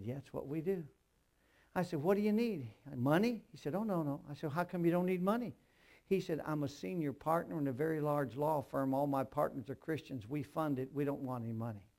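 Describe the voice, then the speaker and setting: Gravelly preacher telling stories. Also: male voice, on the high side, mellow. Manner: storytelling, acts out dialogue in quotes; addresses the congregation directly. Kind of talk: sermon.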